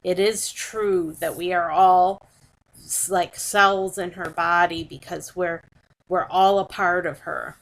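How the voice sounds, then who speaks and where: A woman giving an unscripted spiritual talk, slow and measured, often repeating and restarting her phrases. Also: on the low side, fairly even intonation, low-quality recording. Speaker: spiritual teacher.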